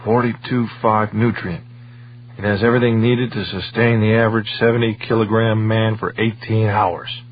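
A man reading a slow, clinical scientist. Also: on the low side, level tone, muffled recording, a little hiss or hum, close to an everyday voice. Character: Levitt, clinical male scientist.

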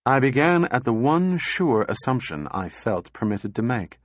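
A man voicing a calm, logical male robot who speaks quietly and evenly. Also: mid-range voice, dry recording, clean studio sound. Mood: placid. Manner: quiet, placid, measured.

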